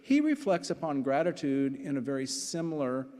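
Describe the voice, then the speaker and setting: A man's voice: medium pitch, sing-song, normal speed, mellow. A man in his sixties, a pastor preaching a sermon, telling personal stories with asides and repeated phrases. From Nebraska. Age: 60s. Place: church sanctuary. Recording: long hall reverb from church.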